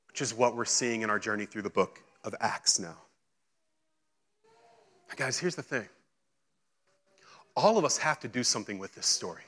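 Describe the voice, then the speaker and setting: A man preaching a sermon, reading scripture and acting out its dialogue, swinging between excited and hushed delivery. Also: on the low side, normal speed, long pauses. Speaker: pastor.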